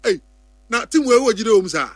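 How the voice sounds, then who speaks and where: A man with a Ghanaian accent co-hosting a radio sports show, playful, with quick interjections. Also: sits high, expressive, no room sound, clean studio sound. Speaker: radio co-host. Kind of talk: casual radio sports chat.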